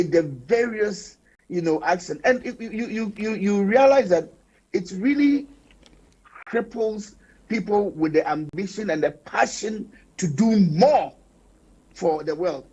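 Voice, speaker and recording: A man speaking as a panelist on a TV talk show, telling stories in an animated, emphatic way. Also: high-pitched, breathy edge. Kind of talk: panel discussion. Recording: dull lo-fi broadcast sound.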